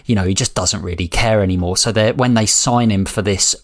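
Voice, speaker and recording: A man co-hosting a film podcast, talking in halting bursts with restarts and casual swearing. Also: on the low side. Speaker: podcast co-host.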